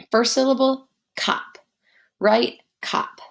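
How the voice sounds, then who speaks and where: A woman leads a guided spelling lesson, dictating words slowly and spelling each one letter by letter. Her mid-range voice has lively intonation and some vocal fry.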